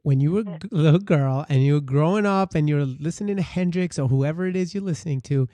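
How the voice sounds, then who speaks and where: A man with a Brooklyn accent hosting a casual interview, excitable and playful. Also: on the high side, fast talker, dry recording. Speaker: podcast host.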